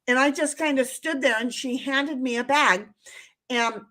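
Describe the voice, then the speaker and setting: A woman co-hosting a live stream, telling stories in a blunt, profane, animated way from home. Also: high-pitched, a little slow. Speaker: co-host of a live-stream talk show. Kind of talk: casual chat, storytelling. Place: home, at a computer.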